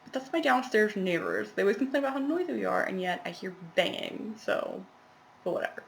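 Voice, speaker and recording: A woman's voice: medium pitch, expressive, brisk, creaky, a little hiss or hum. A young woman chatting casually to camera about her cross-stitch, rambling with laughing asides, recorded at home in a small apartment.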